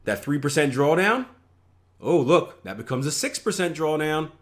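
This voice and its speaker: A man's voice: a little high, big pitch swings, moderate pace. A man working as a trading coach, talking casually through charts and keeping his listeners with him by asking "right?" again and again, with self-mocking asides. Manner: conversational, many filler "right?" checks, self-mocking asides. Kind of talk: casual teaching over a screen share.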